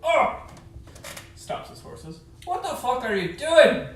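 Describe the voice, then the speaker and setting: A man's voice: very high-pitched, very animated, slow pace, voice pushed up, heavily acted. A man game master voicing a brash, impatient male merchant who drives a carriage, in a roomy, distant recording. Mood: startled. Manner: impatient, pushy, accent drifting.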